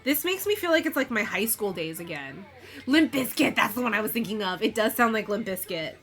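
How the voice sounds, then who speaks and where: A woman's voice: mid-range voice, lively intonation, fairly quick, fairly bright tone. A woman from Missouri with a Valley Girl inflection, chatting casually and rambling while she crochets on a live stream. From Missouri, USA. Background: faint background music.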